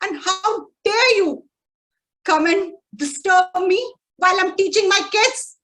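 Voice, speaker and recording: A woman voicing an outraged father, a grown man, who shouts in anger. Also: extremely high pitch, takes it slowly, pitched above the performer's own voice, full character voice. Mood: furious.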